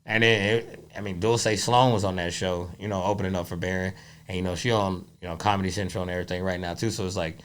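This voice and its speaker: A man who is a comedian guest, telling stories in a loose, rambling way during a casual interview chat. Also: low-pitched. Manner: loose, rambling storytelling with frequent laughs.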